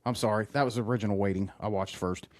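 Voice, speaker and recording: A man co-hosting a casual podcast, laid-back and swearing freely, with his voice often trailing off quietly. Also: on the low side, fairly even intonation, racing, no echo, clean studio sound. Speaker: podcast co-host. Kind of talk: casual chat.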